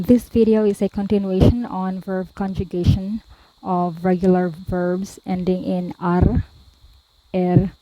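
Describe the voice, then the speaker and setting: A woman tutor slowly explaining verb forms, pausing often and repeating each one. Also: on the low side, warm tone, no echo, low-quality recording. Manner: deliberate, repeats each form, frequent "um" and "okay". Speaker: language tutor. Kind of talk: slow explanatory lesson.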